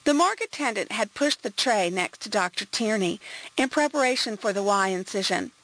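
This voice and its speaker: A woman narrating an audiobook in an even, composed reading voice. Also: medium pitch, a little fast, poor audio. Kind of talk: scripted narration.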